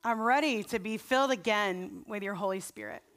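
A woman's voice: mid-range voice, normal speed. A woman pastor preaching a sermon, telling personal stories in a conversational, earnest way before leading a prayer. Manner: conversational storytelling, earnest and animated.

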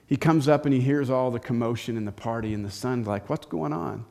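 A male pastor preaching a sermon, telling a story with animated, dramatic delivery. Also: mid-range voice, fast talker. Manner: animated storytelling, acting out the scenes.

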